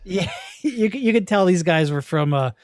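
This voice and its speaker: A young man hosting a casual sports podcast, chatty and quick with asides, laughing easily. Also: sits high, lively intonation, a little hiss or hum. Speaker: podcast host.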